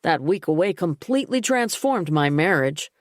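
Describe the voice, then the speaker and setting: A woman reading the part of a male police detective, measured and deferential, in an audiobook. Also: on the low side, animated, no room sound, studio quality, natural voice.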